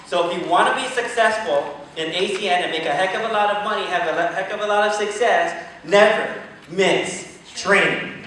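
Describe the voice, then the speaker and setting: A man giving an energetic, joking motivational speech at a business event, pushing the crowd to answer back. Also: high voice, quick pace, hardly any pauses, a little hiss or hum. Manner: energetic, joking, pushes the audience to respond. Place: large event hall. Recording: echoey hall from far off.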